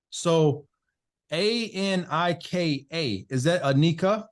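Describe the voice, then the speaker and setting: A man with a slightly high voice takes his time as he hosts a relaxed live business masterclass online. On the video call he talks informally with the participants, addressing each by name.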